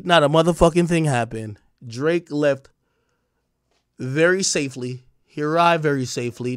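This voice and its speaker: A man in his thirties ranting on a stream, animated, profane and mocking. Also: mid-range voice, no echo, studio quality. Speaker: streamer commentator. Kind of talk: ranting commentary.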